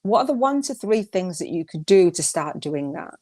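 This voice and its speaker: A woman's voice: on the low side, very animated, normal speed, a little mellow. An older woman hosting a solo coaching podcast, chatty and emphatic, often repeating her phrases and laughing as she talks. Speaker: podcast host.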